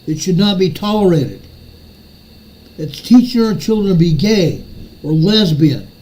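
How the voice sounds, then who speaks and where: Slow, mellow-voiced older man ranting furiously. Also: high-pitched, expressive, poor audio. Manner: furious, repeats phrases for emphasis. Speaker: show host. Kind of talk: ranting commentary monologue.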